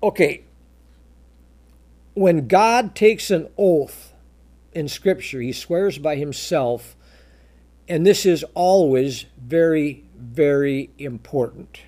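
A man preaching a verse-by-verse Bible sermon, drawing out scripture quotes slowly and emphatically, often repeating words and restarting sentences. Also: fairly high pitch, mellow. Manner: emphatic, slow, drawn-out quoting of scripture.

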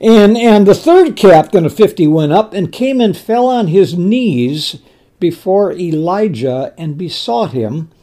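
A man preaching a sermon with a fairly high voice that swings widely in pitch. He speaks slowly, stumbles and restarts, and works himself up when he plays the angry king. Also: lively intonation, dark tone. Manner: retells scripture, voicing the king with rising anger; stumbling restarts, repeats words.

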